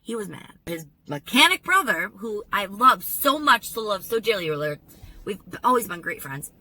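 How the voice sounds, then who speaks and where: Animated woman with a husky voice. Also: medium pitch, moderate pace, low-quality recording. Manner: animated, emphatic storytelling. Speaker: vlogger. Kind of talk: storytime vlog.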